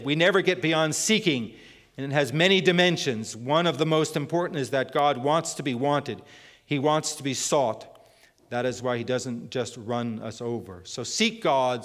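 A middle-aged male pastor giving a conversational sermon, quoting scripture and pausing on fillers. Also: mid-range voice, fairly bright tone, long reverb tail. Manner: conversational preaching, quotes scripture, frequent fillers.

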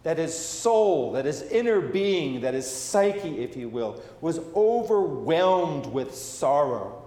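A male preacher delivers a sermon in a fairly high voice, leaning on repetition and stopping to restart his phrases. The sound rings with a long, roomy reverb, as if he is recorded in a large church sanctuary. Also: very animated, slow, warm tone. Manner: repetitive, emphatic, with frequent fillers and restarts. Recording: echoey hall with long reverb.

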